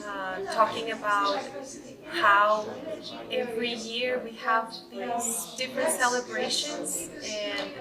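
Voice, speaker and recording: Brief: female panelist, higher voice, unhurried delivery, distant mic. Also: fairly even intonation. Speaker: panelist in a discussion. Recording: distant mic with loud crowd noise.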